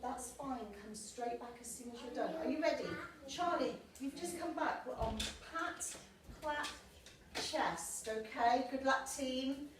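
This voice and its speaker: High, upbeat woman teaching a class. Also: unhurried, background noise. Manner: upbeat, encouraging, chanting patterns. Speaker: primary school teacher. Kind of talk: classroom maths lesson. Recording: echoey classroom from a distance.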